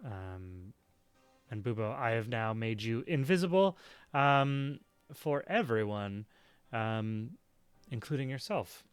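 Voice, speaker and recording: Man as game master, smooth clear voice, dry close sound, chatty narration. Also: mid-range voice, expressive, slow, no echo, faint music behind. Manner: chatty, filler-heavy, upbeat. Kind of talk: running a tabletop game.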